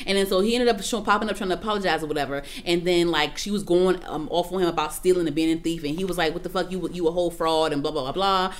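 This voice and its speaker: A woman talks quickly in a slightly low voice, swearing freely and repeating words as she rants in a relaxed chat. She keeps the talk animated and loose, co-hosting a casual conversation. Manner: animated, profane, repeats herself.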